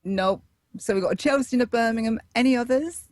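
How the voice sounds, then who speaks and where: A woman running a casual quiz, brisk and teasing with the players. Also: a little high, a little mellow, dry recording. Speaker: quiz presenter.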